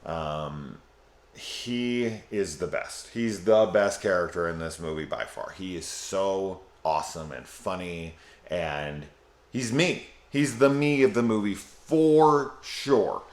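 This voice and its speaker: A man giving a casual spoiler review of a film, rambling, swearing and excited. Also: deep voice, slow. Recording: echoey room.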